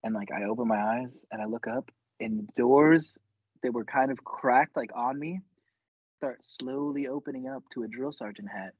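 A man's voice: mid-range voice, moderate pace, slightly rough, dry recording. A laid-back young man co-hosting a podcast, swearing a lot and calling everyone bro as he tells army stories. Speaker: podcast co-host. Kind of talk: casual chat, swapping army stories. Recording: slightly dull, lo-fi dry mic.

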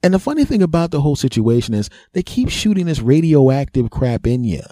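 A man's voice: medium pitch, sing-song, fairly quick, mellow, no room sound, studio quality. A man telling a comic story on his podcast, mocking himself, chuckling at his own jokes and putting on raised voices for other people. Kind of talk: comedic storytelling monologue.

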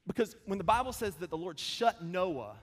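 A man's voice: sits high, sing-song. Man preaching in a reverberant hall. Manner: conversational preaching with quick humor and slow emphatic pauses. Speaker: pastor. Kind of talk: sermon.

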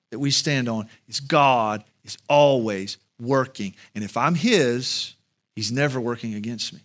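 A male pastor giving an earnest sermon and closing prayer, with slow, emphatic pauses. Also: medium pitch, a bit bright.

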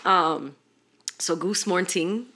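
Animated, bright-voiced young woman. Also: fairly low pitch, slow, slightly rough. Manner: animated storytelling, heavy swearing, slangy. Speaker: podcast host. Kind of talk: casual chat.

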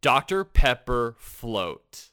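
A man co-hosting a casual podcast, talking in an excitable, animated, teasing way. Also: medium pitch, extremely slow, clear, resonant tone. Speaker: podcast co-host. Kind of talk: casual chat.

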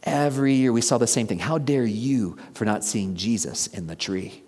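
A man around fifty preaching a conversational sermon, asking the congregation questions and dropping to a hushed near-whisper for emphasis. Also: medium pitch, moderate pace. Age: about 50. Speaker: pastor. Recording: long reverb of a large hall.

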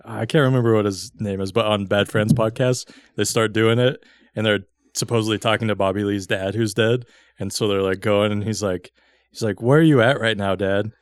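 A young man co-hosting a podcast, telling a story in an easygoing, relaxed way. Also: lowish voice, moderate pace, smooth, no echo, clean studio sound. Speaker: podcast co-host. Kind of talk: casual chat.

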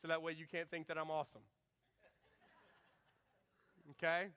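High bright-voiced guy preaching a sermon, jokey, does little voices for quotes. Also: racing, smooth. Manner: animated, jokey, acts out quotes in shifting voices. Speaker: pastor.

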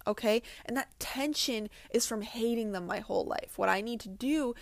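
With a fairly high voice, some vocal fry and a moderate pace, this woman speaks sincerely and informally to her audience about healing and loving oneself. A spiritual wellness vlogger, she talks straight to viewers and repeats herself a lot. There's no echo.

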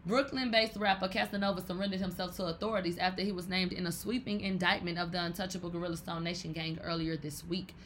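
Woman, podcast host, bright and forceful tone, loose profane commentary with sudden loud outbursts. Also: lowish voice, fast talker, few pauses, slight background noise. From Texas. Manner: animated, profane, bursts into loud exclamations. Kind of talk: casual commentary.

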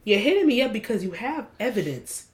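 A woman's voice: mid-range voice, very animated, brisk, a little hiss or hum. A young woman co-hosting a casual podcast, blunt and opinionated, reading posts aloud. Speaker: podcast co-host. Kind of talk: casual chat.

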